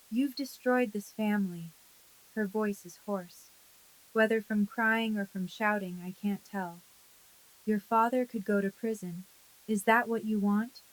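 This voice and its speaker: A woman in her thirties narrating a dramatic first-person story in a calm, measured, quietly intense way. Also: mid-range voice, poor audio.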